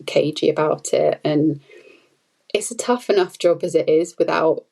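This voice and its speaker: A woman's voice: deep voice, normal speed, creaky, warm tone, rough recording. A woman talking casually as a podcast guest, chatty and rambling with many fillers and light laughter. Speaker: podcast guest, food photographer. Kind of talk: casual conversational interview.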